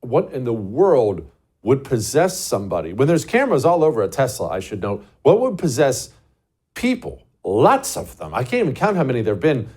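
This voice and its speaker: A man's voice: medium pitch, huge pitch swings, normal speed, a little mellow, slightly rough. A man hosting a talk show, delivering an emphatic, scornful political monologue and repeating words for stress.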